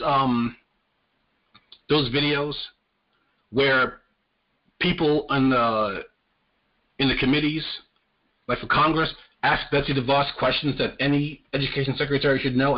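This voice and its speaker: A man hosting a podcast, giving casual political commentary in a heated, profane ranting manner. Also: on the high side. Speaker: podcast host. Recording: slightly muffled lo-fi audio.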